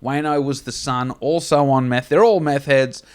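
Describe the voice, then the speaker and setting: A man's voice: mid-range voice, fairly even intonation, normal speed, clear, resonant tone. A man, telling a profane comic story on a podcast. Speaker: podcast co-host. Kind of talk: casual comedic storytelling.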